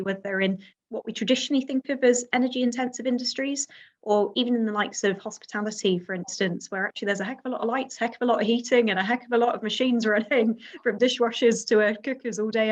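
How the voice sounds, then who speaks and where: A woman from Britain hosts an interview and sums up her guest's points before asking questions. She talks quickly and fluently at a medium pitch, and her phrasing is articulate. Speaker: interviewer, host.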